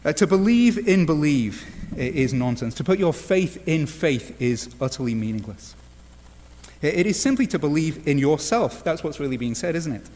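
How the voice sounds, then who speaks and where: A man's voice: a little high, expressive, normal speed, darkish tone, big-room sound, a little hiss or hum. A man from England with an English accent, preaching an earnest sermon with wry asides and frequent "uh" fillers. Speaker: pastor.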